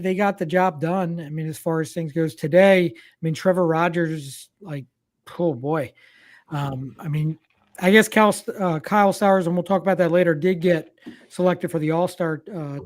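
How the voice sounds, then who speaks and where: Male podcast host, loose filler-heavy sports talk, jokey. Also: high-pitched. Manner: rambling, filler-heavy, joking. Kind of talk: casual sports chat.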